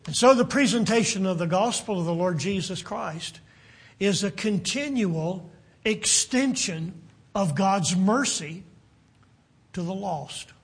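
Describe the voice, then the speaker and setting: A man preaching a sermon in an earnest, deliberate way, at times dropping almost to a whisper to stress a point. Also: sits high, lively intonation, slightly rough.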